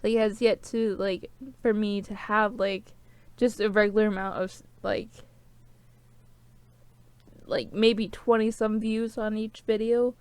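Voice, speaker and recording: A woman's voice: mid-range voice, flat delivery, a little slow, darkish tone, clean tone, no room sound. A young woman vlogging to camera, sniffling and tearful, rambling with lots of "like" fillers. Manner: rambling, heavy use of "like". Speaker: small-channel vlogger. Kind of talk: rambling casual to-camera chat.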